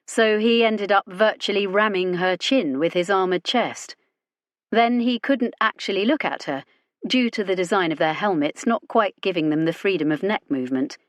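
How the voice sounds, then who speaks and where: A woman narrating a science fiction audiobook in a wry, even storytelling manner. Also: on the low side, dry recording. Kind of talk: scripted narration.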